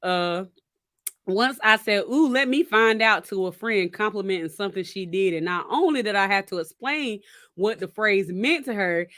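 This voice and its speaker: A woman chats as a podcast co-host, her voice bright and forward. She tells stories animatedly, slipping into quoted voices, and the sound is dry and close. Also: medium pitch, no echo. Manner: animated storyteller, acts out quotes with laughter. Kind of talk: casual chat.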